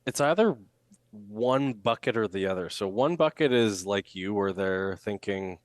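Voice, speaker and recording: A man with a fairly low voice talks as a coach in a podcast interview. He is animated, acting out his examples and swooping up in pitch to show them. The sound is dry and close. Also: normal speed, no echo. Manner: animated, acts out rising intonation examples. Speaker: communication coach.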